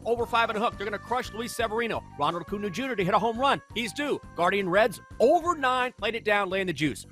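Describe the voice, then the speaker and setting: A man hosting a sports betting show, rattling off picks in a fast auctioneer style. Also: high voice, sharp tone. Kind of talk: rapid-fire betting picks.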